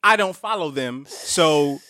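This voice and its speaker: Brief: man co-host, high bright voice, very lively, slangy and exasperated. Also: slow pace, dry recording, studio quality. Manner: animated, slangy, exasperated complaining. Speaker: podcast co-host. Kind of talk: casual chat.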